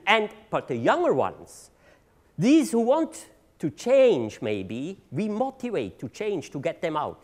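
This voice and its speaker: Middle-aged man, conference speaker, high voice, swinging intonation, halting, repeats words. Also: huge pitch swings, a little mellow. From Switzerland. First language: German. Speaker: drug treatment agency leader giving a seminar talk. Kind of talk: conference presentation. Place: seminar room.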